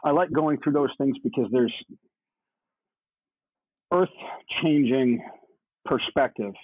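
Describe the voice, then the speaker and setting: A male podcast co-host chatting in a halting, earnest way, often repeating words as he gets emotional. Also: medium pitch, no room sound. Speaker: podcast co-host, Navy chief. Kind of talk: casual chat. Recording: husky voice over a tinny phone-like line.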